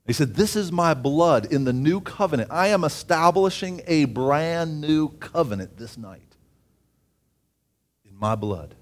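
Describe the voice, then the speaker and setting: A man preaching a sermon, reading scripture aloud with asides and often rising in pitch and volume for emphasis. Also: expressive, unhurried.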